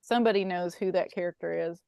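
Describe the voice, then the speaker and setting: A woman co-hosting a podcast in casual chat, animated and playful, telling stories with asides. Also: fairly low pitch, fast, gravelly, smooth, dry recording. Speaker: podcast co-host.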